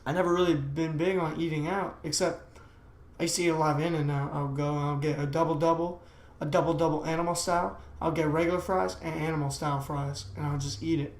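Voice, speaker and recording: A man's voice: a little high, steady tone, fairly quick. A young man hosting a casual solo podcast, rambling along in slangy talk full of "man" and "dude". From United States. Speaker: podcast host. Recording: echoey room.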